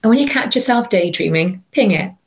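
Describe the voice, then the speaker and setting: A woman, a wellbeing and burnout coach, giving chatty, animated advice in an interview from her bedroom, with lots of fillers. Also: mid-range voice, brisk, slight background noise. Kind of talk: interview conversation. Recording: slightly dull lo-fi audio.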